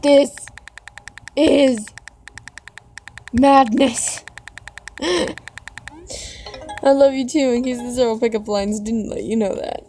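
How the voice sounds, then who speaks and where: A woman reading text messages aloud for a reaction video, breaking into dramatic, expressive outbursts. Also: fairly high pitch, a little slow, pauses often, faint music behind, poor audio.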